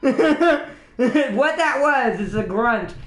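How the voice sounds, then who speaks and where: Man, gaming streamer, high voice, rambling casual chat, laughs a lot, echoey room. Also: lively intonation, extremely slow. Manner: rambling and enthusiastic, laughs often. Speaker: streamer host.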